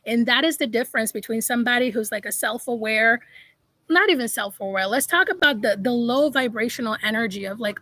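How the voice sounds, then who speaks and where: A woman's voice: a little high, brisk, fairly bright tone, dry recording, low-quality recording. A woman life coach talking live to her viewers, emphatic and preachy, calling them y'all. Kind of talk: live-stream motivational talk.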